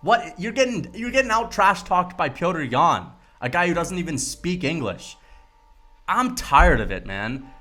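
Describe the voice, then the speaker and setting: A man's voice: on the high side, measured pace, faint music behind. Profane, fired-up young man ranting. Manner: animated, profane, emphatic. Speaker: MMA commentary vlogger. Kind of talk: casual opinion rant to camera.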